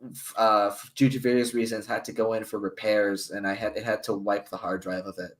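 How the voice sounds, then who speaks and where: A man on a voice call telling a story in a halting way, full of fillers and restarts. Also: lowish voice, flat delivery. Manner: hesitant, lots of fillers and restarts. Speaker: guest on a live stream. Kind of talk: casual chat.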